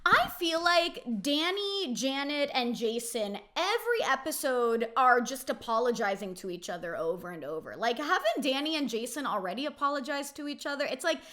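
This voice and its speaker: Bright-voiced chatty woman recapping reality TV. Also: high-pitched, very animated, normal speed, hardly any pauses. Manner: chatty, frequent "like", quotes cast members in mocking voices. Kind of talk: casual opinionated recap.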